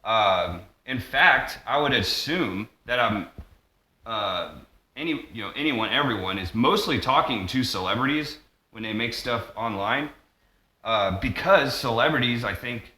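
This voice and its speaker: A man's voice: medium pitch, animated, a little slow, pushed and bright. A man rambling through a monologue vlog, jumping between tangents with lots of fillers and restarts. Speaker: vlogger. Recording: echoey room.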